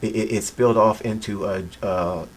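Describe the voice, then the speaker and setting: Middle-aged male musician guest, animated storyteller, lots of restarts, faint background hiss. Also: fairly low pitch, normal speed. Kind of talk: casual interview chat.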